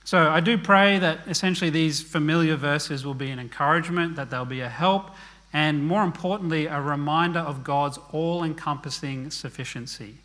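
Bright-voiced man preaching. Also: fairly high pitch, moderate pace. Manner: earnest, conversational preaching with frequent "okay?" asides; drops to a quiet murmur at the ends of phrases. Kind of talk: sermon.

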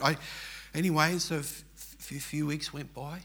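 A man's voice: fairly high pitch, steady tone, normal speed, bright, forceful tone. An older man with an Australian accent, telling a personal story in an earnest, rambling, emphatic way. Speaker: churchgoer telling his story.

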